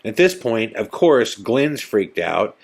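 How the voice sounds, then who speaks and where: A man with a fairly low voice tells a story to his podcast listeners in a loose, conversational way, full of "you know" and "man." He keeps slipping into the voices of the people he describes, acting out their lines. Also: takes it slowly, gravelly. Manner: animated, acts out the people he quotes. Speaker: podcast host. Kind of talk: casual storytelling.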